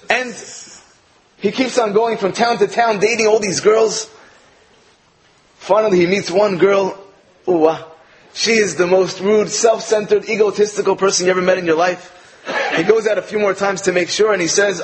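High-voiced American man telling a joke. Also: normal speed, rough recording. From United States. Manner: storytelling, animated delivery of quoted lines. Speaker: speaker giving a Torah talk. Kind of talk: sermon with a told joke. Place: speaking in England.

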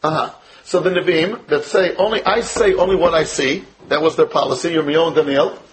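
A man's voice: on the high side, fairly even intonation, a little fast, poor audio. An American man teaching a Torah class as a rabbi, firing rhetorical questions at his students and weaving in Hebrew and Yiddish terms. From United States. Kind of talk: Torah lecture.

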